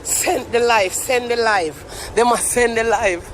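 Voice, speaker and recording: A man's voice: extremely high pitch, slow pace, fairly bright tone, slight background noise. A young Jamaican man ranting on a live stream, mock-tearful and theatrical. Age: young adult. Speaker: social media commentator.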